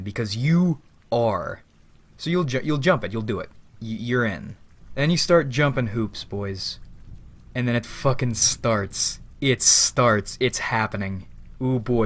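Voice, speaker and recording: Man, rambling monologue, unhurried, mid-pitched, casual swearing. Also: lively intonation. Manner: addresses listeners as "boys", casual swearing. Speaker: channel host.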